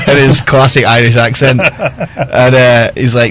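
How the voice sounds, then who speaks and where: Man, middle pitch, chatty storyteller, self-mocking, laughing guest. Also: steady tone, normal speed, a bit bright. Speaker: whisky brand ambassador guest. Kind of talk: casual storytelling.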